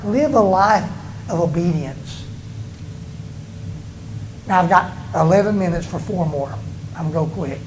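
A male pastor preaching a sermon in church, with emphatic delivery that rises and falls and slows down on stressed words. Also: high voice, lively intonation, a little hiss or hum, poor audio.

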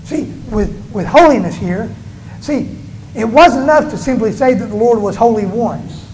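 A male pastor preaching a sermon in church, with emphatic delivery that rises and falls and slows down on stressed words. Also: very high-pitched, darkish tone, a little hiss or hum, poor audio.

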